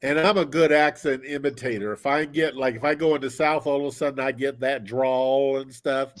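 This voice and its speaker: A man's voice: medium pitch, brisk. Storytelling man with an Indiana accent. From South Bend, Indiana. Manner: animated anecdote telling. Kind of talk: casual chat, storytelling.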